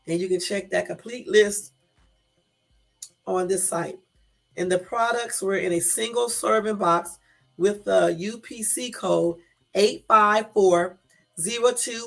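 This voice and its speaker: A woman with a gravelly, creaky voice hosts a casual live stream and talks straight to her viewers. She reads out the news with emphatic, exasperated asides. Her pitch sits in a middle range, and soft music plays faintly behind her. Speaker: YouTube live-stream host. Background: faint background music.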